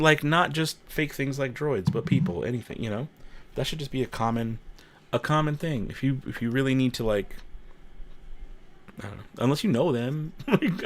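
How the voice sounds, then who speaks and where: Lively-voiced man hosting a chatty livestream. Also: medium pitch. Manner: chatty, jokey, laughs often, repeats himself. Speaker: livestream host. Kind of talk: casual livestream chat reading comments.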